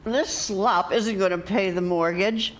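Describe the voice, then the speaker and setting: A woman's voice: mid-range voice, fairly even intonation, unhurried, a little hiss or hum, lightly acted. An older woman acting a sarcastic friend with dry, teasing humor in a TV drama.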